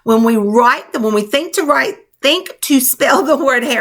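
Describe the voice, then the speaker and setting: A woman's voice: sits high, normal speed, hardly any pauses, a bit bright. A woman teacher leading young children through a spelling lesson, coaching them patiently in a sing-song classroom manner.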